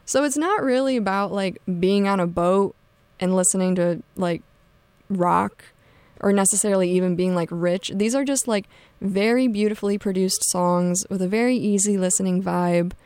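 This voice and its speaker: A woman's voice: medium pitch, normal speed, darkish tone, smooth, no echo. A young woman hosting a college radio show, talking loosely and casually with lots of fillers. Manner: chatty, loose, many fillers and "like"s. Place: radio studio.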